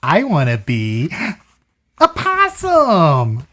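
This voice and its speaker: Brief: reader putting on a restless young boy bunny, storybook, drawn-out high shouts, lively swoops. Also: exaggerated voice. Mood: whiny, wishful. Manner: drawn-out, rising shouts on the final animal name. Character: restless young male bunny who keeps switching animals.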